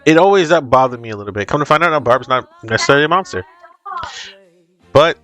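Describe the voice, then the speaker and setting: Excited man recapping a show. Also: medium pitch, fast talker, soft background music. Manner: excited recapping, many "like" fillers, acts out quotes. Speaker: show reviewer. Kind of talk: casual reaction review.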